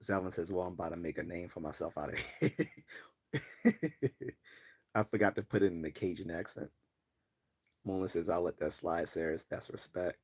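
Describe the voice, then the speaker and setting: A man's voice: low-pitched, fairly even intonation, normal speed, long pauses, slightly rough. A man from Baltimore hosting a casual livestream, reading chat comments aloud and rambling with many fillers and restarts. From Baltimore, US East Coast. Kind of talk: casual live-stream chat.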